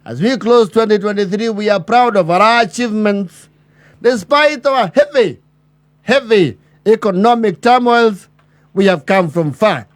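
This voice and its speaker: A man delivering a mock formal address as a pompous chairman, with bureaucratic phrasing and drawn-out pauses. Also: sits high, dry recording.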